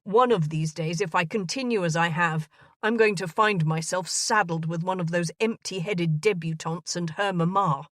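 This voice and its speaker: A woman voicing an earnest, bumbling gentleman of thirty proposing marriage in a romance audiobook. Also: lowish voice, moderate pace, no room sound, studio quality, natural voice. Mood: pleading.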